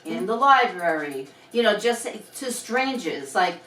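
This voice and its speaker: A woman's voice: mid-range voice, big pitch swings, measured pace, a bit bright. Chatty woman in a roomy room. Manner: chatty, many fillers like "you know" and "like". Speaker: podcast co-host. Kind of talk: casual chat. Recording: roomy sound, mic at a distance.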